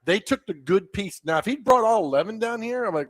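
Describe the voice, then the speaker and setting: A man's voice: sits high, expressive, brisk, fairly bright tone, dry recording. A man hosting a live sports talk radio show from a hotel, chatting casually and telling rambling jokes. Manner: joking, rambling storyteller. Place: live remote broadcast from a hotel.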